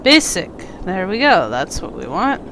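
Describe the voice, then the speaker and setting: A woman's voice: mid-range voice, very animated, unhurried, sharp tone, slight background noise. A congested woman casually chatting on a live stream while she plays a city-building game, rambling and talking back to the game. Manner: rambling, talks to the game and a pet. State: congested, stuffy.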